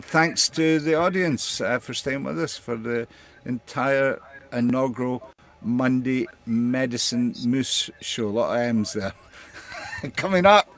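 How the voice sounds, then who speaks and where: A man hosting a live online show, talking with frequent hesitations and fillers. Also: mid-range voice. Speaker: host.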